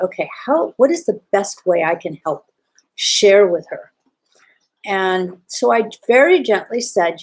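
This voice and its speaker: A middle-aged woman hosting a talk show, gently telling a personal story in a reflective way with many small fillers. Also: mid-range voice, low-quality recording. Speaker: podcast host.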